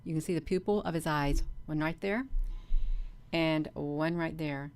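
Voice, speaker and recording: A woman hosting a casual livestream vlog, talking in an earnest, repetitive way with many pauses and ums. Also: deep voice, clear, resonant tone. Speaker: channel host.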